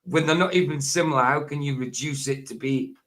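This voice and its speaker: An English man hosting a casual online chat, relaxed and quick to chime in with agreement. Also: a little high. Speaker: host.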